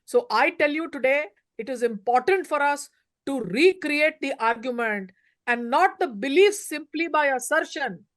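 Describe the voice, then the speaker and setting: A woman's voice: high voice, expressive, normal speed. A woman professor from India, giving emphatic lecturing remarks on a panel. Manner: emphatic, lecturing, stresses single words.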